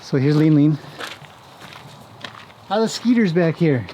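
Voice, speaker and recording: A chatty man with a slightly raised pitch, vlogging as he walks round a rural farm. He talks easily to the camera and fondly to the animals. Faint outdoor noise sits behind him. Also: lively intonation, takes it slowly, mellow. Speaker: horse trainer vlogger. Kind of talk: casual walk-and-talk vlog.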